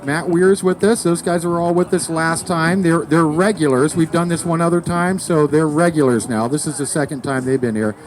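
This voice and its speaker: A man's voice: a little high, fairly even intonation, normal speed, hardly any pauses, slight background noise. A man hosting an outdoor comedy show in a park, rambling and joking as he introduces the comedians. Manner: rambling, joking, stumbles over names. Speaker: show host. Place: outdoors in a city park under a tree.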